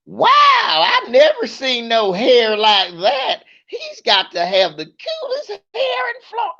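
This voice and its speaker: A man voicing a gushing woman who fusses over a child's hair, in a shrill pleading falsetto. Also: wildly swooping pitch, slow, gravelly, sharp tone, muffled recording, full character voice.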